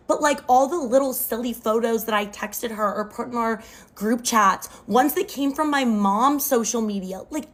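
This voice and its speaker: Young woman, fairly high voice, casual phone storytime, animated and chatty with lots of "like". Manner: expressive, animated retelling with lots of "like".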